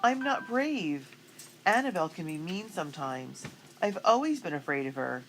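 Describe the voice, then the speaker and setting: A woman voicing a shy, timid young girl in a storybook, speaking softly and hesitantly. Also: low voice, big pitch swings, normal speed, soft background music, pitched above the performer's own voice, rough recording.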